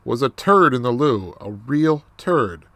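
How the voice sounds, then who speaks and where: A man reading a novel aloud and explaining it off the cuff, halting and self-deprecating with many restarts. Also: mid-range voice, sing-song, a bit bright, no echo. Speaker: reader.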